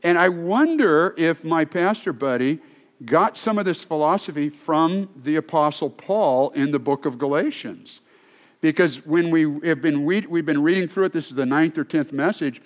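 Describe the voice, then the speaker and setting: A man's voice: on the high side, moderate pace. A male pastor preaching a sermon in a conversational, storytelling way, often restarting his sentences.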